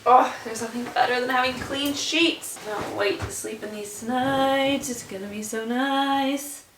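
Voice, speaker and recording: A young woman vlogging casually at home while doing chores, chatty and full of likes, often dropping to a soft whisper. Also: high voice, measured pace, a little hiss or hum. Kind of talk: casual vlog chat.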